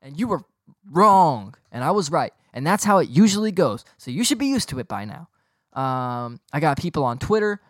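A man's voice: a little high, big pitch swings, moderate pace, no echo, clean studio sound. A young man hosting a podcast, rambling and joking in a boastful, casual way. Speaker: podcast host.

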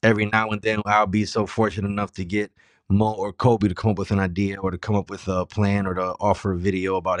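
Cussing podcast host guy, low voice, dry close mic, rambly and annoyed, mouth hurting. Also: flat delivery, quick pace, no room sound. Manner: profane, loose and irritated, swings from muttering to loud outbursts. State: sore mouth. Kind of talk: casual solo podcast rant.

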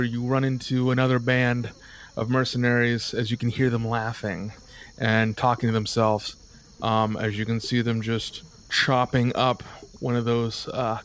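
Game master guy narrating the scene, lots of ums, middle-pitched voice. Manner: descriptive, hesitant with many fillers.

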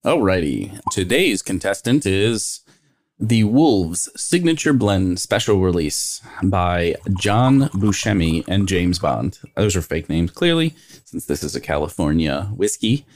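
A man with a low voice co-hosts a podcast, and his pitch moves up and down a lot as he jokes and reads details aloud. He sounds playful and loose. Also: very animated, a little slow, a little mellow. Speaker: podcast co-host. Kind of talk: casual chat.

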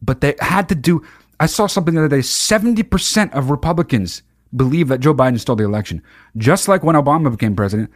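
Man, podcast host, comedic commentary, swearing, mocking, very lively pitch. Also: a little fast. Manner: profane, mocking, animated.

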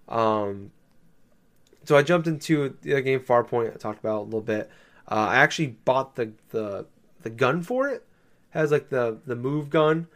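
A man's voice: medium pitch, expressive, moderate pace. A man in casual chat, rambling with many fillers, swearing and laughing as he recounts playing a game.

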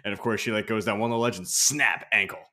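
A man on a casual podcast, talking in a relaxed, slightly hesitant way and repeating words. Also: fairly low pitch, quick pace, a crowd in the background. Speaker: podcast panelist. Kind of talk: casual chat.

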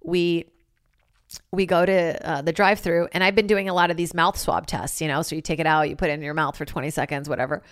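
A woman's voice: low voice, fairly even intonation, fast talker, smooth, dry recording. Woman, solo comedy podcast host, rambling, profane, dry close sound. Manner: rambling and profane, switches into loud acted-out quotes.

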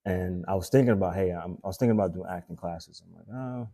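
Brief: deep, dark-toned man in his thirties, quick and animated, casual interview guest. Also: slightly rough. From Haiti. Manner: animated, fillers like "like" and "you know". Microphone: phone live stream.

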